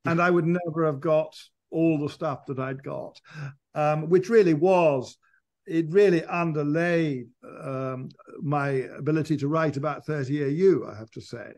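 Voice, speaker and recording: Thoughtful man, slightly high voice. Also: unhurried, darkish tone. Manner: thoughtful, digressive storyteller with frequent restarts. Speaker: biographer, interview guest. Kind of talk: conversational interview.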